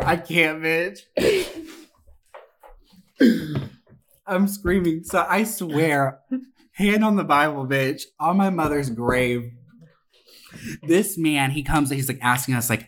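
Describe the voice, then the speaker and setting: A woman casually telling a wild story, profane and animated, with frequent laughter and swearing. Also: deep voice, normal speed.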